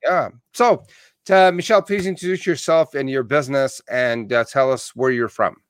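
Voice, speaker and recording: A man's voice: mid-range voice, normal speed, smooth, dry recording, studio quality. A man from Canada hosting a casual online interview, friendly and chatty with many "uh"s, still in his morning voice. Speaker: interview host.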